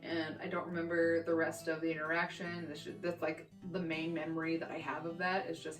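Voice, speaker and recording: A young woman from Texas telling childhood stories in a brash, profane, animated way for her vlog. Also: deep voice, a little fast, few pauses. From Texas, USA. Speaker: vlogger. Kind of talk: storytime vlog. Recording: roomy echo, distant mic, faint guitar music.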